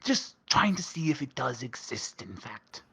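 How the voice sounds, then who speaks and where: A man playing in a tabletop game, polite and soft-spoken. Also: mid-range voice, sing-song, a little slow, vocal fry, husky, no echo, clean studio sound. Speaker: player. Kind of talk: tabletop role-play chat.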